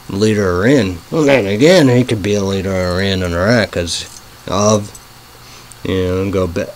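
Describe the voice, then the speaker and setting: A man's voice: sits low, a little hiss or hum, low-quality recording. A man hosting his own online show in casual rambling talk, full of "you know" fillers and swearing. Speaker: show host.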